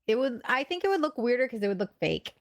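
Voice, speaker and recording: A woman's voice: fairly high pitch, sing-song, fast. Giggly reactive woman co-host. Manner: laughs easily, reacts in short bursts. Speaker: podcast co-host. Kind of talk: casual chat.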